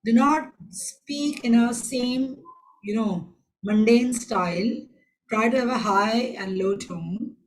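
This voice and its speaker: A woman's voice: on the high side, slow pace, poor audio. Woman teaching an online class. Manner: instructive, switches into Hindi phrases. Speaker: IELTS teacher.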